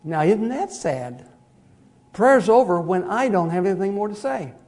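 A man preaching a conversational sermon, moving from hushed asides to loud emphatic lines and chuckling at himself. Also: sits high, animated, normal speed.

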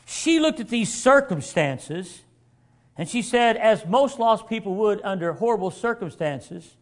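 A man preaching a sermon, animated and acting out the voices he quotes, sometimes rising to shouts. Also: high-pitched, measured pace.

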